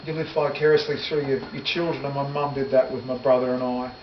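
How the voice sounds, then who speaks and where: A man's voice: medium pitch, level tone, fast talker. A middle-aged man, a musician reminiscing in a casual interview, rambling and correcting himself as he goes. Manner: rambling, self-correcting, laughs easily. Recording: echoey, distant, dull, loud noise.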